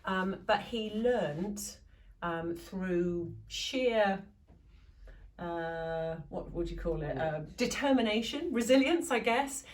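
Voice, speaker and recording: A woman's voice: mid-range voice, expressive, slow pace. Woman on a distant, slightly noisy mic. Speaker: church co-presenter. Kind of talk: casual devotional chat. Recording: distant mic with faint background noise.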